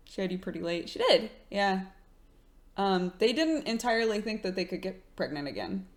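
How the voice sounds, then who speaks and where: A woman's voice: mid-range voice, very animated, unhurried, long pauses. A young woman streamer chatting casually with her live chat, telling stories with lots of fillers and giggles.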